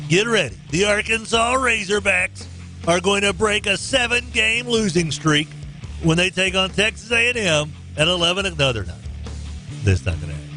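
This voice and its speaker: A man hosting morning radio with a fairly high voice that leaps up and down all the time. He reads sports news and ads with a jokey, bouncy touch, and soft music plays behind him. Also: expressive, normal speed. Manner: jokey, bouncy delivery with swings in pitch. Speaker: radio show host.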